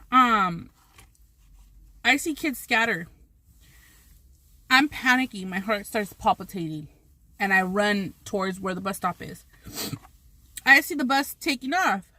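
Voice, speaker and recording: Woman vlogger with a slightly high voice, rambling and profane storytelling while eating, dry close-up sound. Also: sharp tone, no room sound. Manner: rambling, swears freely, many restarts.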